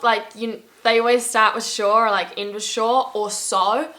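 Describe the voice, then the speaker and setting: Young woman, travel vlogger, bright and forceful voice, chatty, lots of fillers, upbeat. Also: mid-range voice, fairly even intonation, a little slow, hardly any pauses. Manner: chatty, peppered with "like"; upbeat, laughs at her own stories. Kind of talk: casual vlog chat to camera.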